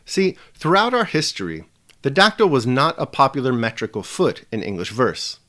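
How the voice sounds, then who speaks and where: A man presenting a scripted video lesson with a measured, emphatic delivery. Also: medium pitch, wildly swooping pitch, pushed and bright. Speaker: teacher.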